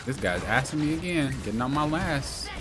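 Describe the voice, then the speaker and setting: A man's voice: medium pitch, big pitch swings, normal speed, over music. A young man giving live gameplay commentary, teasing and complaining in mock exasperation at his teammates. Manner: exasperated, playful trash talk to teammates. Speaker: streamer playing a hero shooter.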